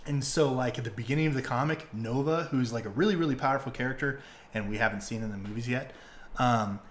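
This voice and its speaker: A young man hosting a podcast, retelling stories in casual, excitable chat full of fillers and swearing. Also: mid-range voice, fast, slight background noise. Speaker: podcast host.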